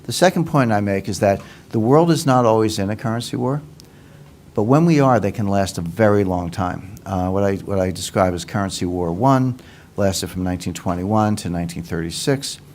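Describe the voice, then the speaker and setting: A man's voice: lowish voice, moderate pace, a little mellow, slight background noise. Confident man explaining economics. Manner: confident, emphatic, uses analogies and repeats points. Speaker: economics commentator. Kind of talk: explanatory talk.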